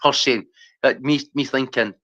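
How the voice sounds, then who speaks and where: A man's voice: medium pitch, steady tone, normal speed, sharp tone, no room sound. A Scottish man chatting casually on a stream, rambling and swearing as he goes off on tangents. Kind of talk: casual chat.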